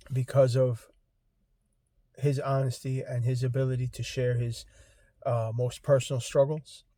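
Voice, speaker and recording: A man in his fifties, making a heartfelt vlog appeal to his viewers, halting and choked up, fighting back tears. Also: mid-range voice, mellow, no echo. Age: 50s. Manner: halting, many ums and restarts. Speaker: vlogger. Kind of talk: emotional personal vlog appeal.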